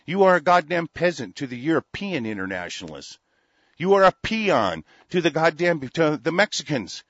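A man's voice: fairly high pitch, fairly bright tone, no echo, lo-fi sound. An older man hosting a talk radio show, ranting angrily and cursing often, with frequent restarts. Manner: profane, heated, with frequent restarts. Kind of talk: angry political rant.

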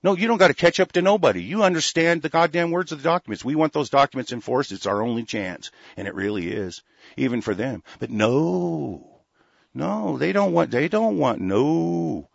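A man's voice: fairly high pitch, animated, moderate pace, dry recording. A man from Oregon delivering a fiery, profane, rambling political rant as a talk host. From Oregon, USA. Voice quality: gravelly, husky. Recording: dull lo-fi close mic.

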